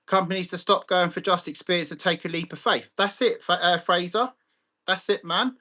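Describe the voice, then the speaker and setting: A man's voice: sits high, steady tone, normal speed, sharp tone. A man hosting a live chat stream. He talks bluntly, swears freely and greets viewers by name. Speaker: livestream host.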